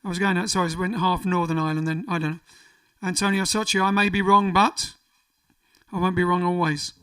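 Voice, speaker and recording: A man's voice: sits high, level tone, a little fast, a bit bright, clear, resonant tone, distant mic. A man hosting a casual livestream, reading out viewer comments in a jokey, rambling way. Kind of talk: casual chat. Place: home during lockdown.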